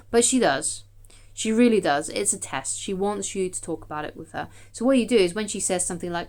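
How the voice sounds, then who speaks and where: A woman's voice: mid-range voice, normal speed, darkish tone. A woman, a dating coach, giving chatty, emphatic advice straight to camera and often checking in with "okay?". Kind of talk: direct-to-camera advice talk.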